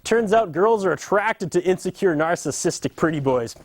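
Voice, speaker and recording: Sarcastic high-voiced man ranting apologies. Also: expressive, normal speed, no room sound. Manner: mock-apologetic, sarcastic rant. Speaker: host. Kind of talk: deadpan comedy monologue.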